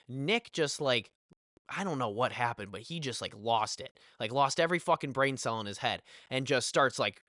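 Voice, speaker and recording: A young man telling a casual storytime, animated and full of swearing and filler phrases. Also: medium pitch, no room sound, clean studio sound.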